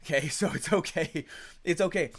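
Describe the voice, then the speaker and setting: Guy running a live coaching call online, pitch a bit high, keeps it casual and excited. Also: moderate pace. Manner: energetic, conversational, reads chat comments aloud.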